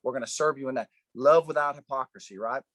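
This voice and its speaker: A man teaching a Bible study in a casual, animated way, often adding "right?" and "man" as he talks. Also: medium pitch, quick pace, no room sound. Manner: animated storyteller, tags lines with "right?" and "man".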